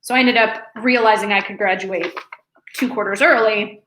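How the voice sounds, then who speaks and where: A woman's voice: mid-range voice, steady tone, normal speed, echoey room, background noise. A stuffy, congested woman in her twenties, chatting casually on a live stream from her apartment and rambling with lots of fillers and restarts. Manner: chatty, rambling, many fillers and self-corrections. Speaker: artist live-streaming from home.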